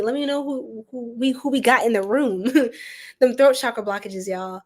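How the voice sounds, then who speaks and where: A woman's voice: on the high side, normal speed, a little mellow. A woman giving a chatty live-streamed tarot reading, greeting chat viewers affectionately and using casual slang. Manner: uses slang like y'all and boo. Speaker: tarot reader.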